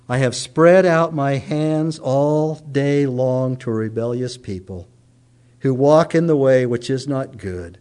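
Male preacher, middle-aged, slightly high voice, dramatic sermon delivery, loud and hushed by turns. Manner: dramatic, swings from loud raised declaiming to hushed low tones.

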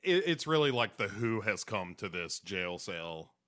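A man chatting casually as a podcast co-host, recapping a TV episode and slipping into quick character impressions. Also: lowish voice, sing-song, fairly bright tone.

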